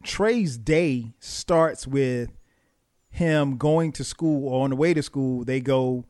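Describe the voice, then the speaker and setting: A man's voice: medium pitch, slow, no echo, studio quality. Man telling stories in a podcast chat. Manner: animated storytelling, laughs often. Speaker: podcast guest.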